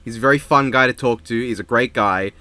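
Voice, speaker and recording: A man's voice: mid-range voice, brisk, bright, forceful tone, no room sound, soft background music. A young man rambling casually into a desk microphone as a video reviewer, self-deprecating and swearing. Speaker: video reviewer reading fan comments. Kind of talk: casual chat.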